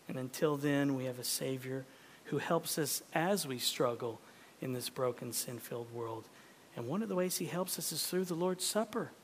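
A man's voice: a little high, a little hiss or hum. Preaching man in a reverberant hall. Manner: swings from loud urgent appeals to hushed, near-whispered prayer. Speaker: pastor. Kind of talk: sermon before communion. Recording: long reverb of a large hall.

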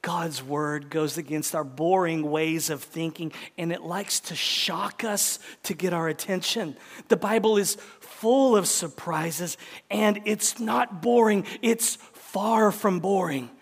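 A man's voice: high-pitched, slow pace. A man preaching a sermon, telling a story with dramatic quoted voices. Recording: long hall reverb.

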